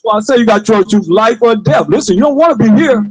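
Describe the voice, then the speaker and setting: A man street preaching to passers-by, with forceful call-and-response, repeated phrases and bursts of shouting. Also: high voice, animated, quick pace, breathy edge, soft background music, rough recording. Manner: forceful call-and-response, commands a reader to read.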